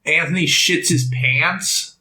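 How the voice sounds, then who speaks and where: A young man co-hosting a podcast, casually recapping a movie's plot and acting out the characters' lines in loud, high voices. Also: takes it slowly. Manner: animated storytelling, jumps into loud high voices for quotes. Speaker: podcast co-host. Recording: echoey room.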